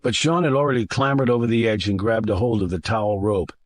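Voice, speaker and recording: A man reading a thriller novel aloud as an audiobook narrator, with a steady, measured delivery into a close studio mic. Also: on the low side, dry recording. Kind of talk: scripted narration.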